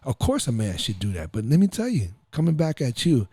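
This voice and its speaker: A man's voice: medium pitch, brisk, husky, no room sound, clean studio sound. Profane, rambling male podcast host. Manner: rambling, profane, animated storytelling. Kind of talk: casual chat.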